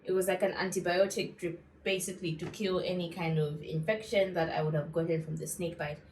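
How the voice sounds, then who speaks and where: A young woman from Zambia telling a story in a casual, animated way while going through her skincare routine, with lots of asides to her viewers. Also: lowish voice, a little fast, roomy sound, rough recording. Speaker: beauty vlogger.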